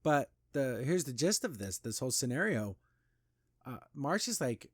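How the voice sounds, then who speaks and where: A man's voice: mid-range voice, big pitch swings, moderate pace, no echo, clean studio sound. A man hosting a podcast, loosely recapping a cartoon episode with lots of "like" and restarts. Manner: loose retelling with frequent "like" and restarts. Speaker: podcast host.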